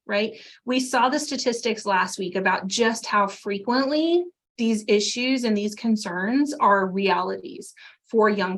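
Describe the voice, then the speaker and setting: Woman co-presenting a webinar. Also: a little high. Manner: conversational, reassuring explanation. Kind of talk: webinar talk.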